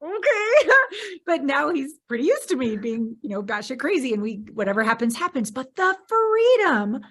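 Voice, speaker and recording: Expressive woman podcast host. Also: on the high side, a little fast, husky. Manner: expressive, acts out her own reactions in animated bursts. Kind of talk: candid conversational interview.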